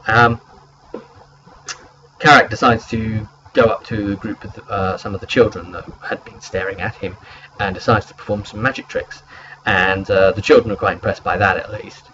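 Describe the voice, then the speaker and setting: A man's voice: deep voice, fairly bright tone, highs cut off, slight background noise. A man recapping a tabletop game session as its game master, rambling along with plenty of hesitant fillers.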